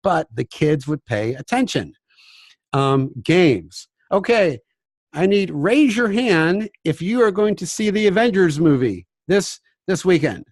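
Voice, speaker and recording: A high-pitched, expressive man speaks a little slowly in a dry, studio-quality recording. As a music teacher, he gives a chatty, self-deprecating talk on classroom behavior, acting out examples and often shifting to a hushed voice.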